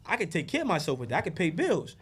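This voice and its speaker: A man talks on a podcast as a guest, preaching and storytelling with a foul mouth and lots of energy. His voice sits high and leaps around a lot. He tends to drop to a murmur and then burst out loud. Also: fast, slightly rough. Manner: preachy, animated, profane storytelling. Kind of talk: casual podcast conversation.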